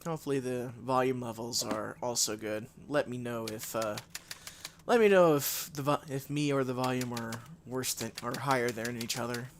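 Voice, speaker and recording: A man's voice: medium pitch, moderate pace, a little hiss or hum. A man live-streaming a game from home on a desk microphone, rambling in a casual, self-deprecating way with frequent restarts and sighs.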